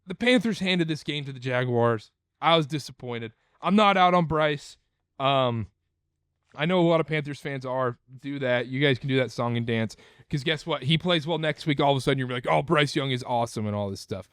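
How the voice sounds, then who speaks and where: A man's voice: mid-range voice, fairly quick, fairly bright tone, clean tone, dry recording, clean studio sound. A man hosting a casual sports podcast, talking emphatically and repeating his points. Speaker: podcast host.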